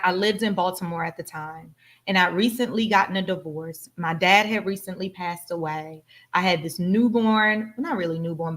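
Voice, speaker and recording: A woman's voice: mid-range voice, fairly bright tone. A woman hosting a live coaching session, speaking emphatically and repeating phrases for effect. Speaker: life coach and host. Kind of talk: motivational live talk to an audience.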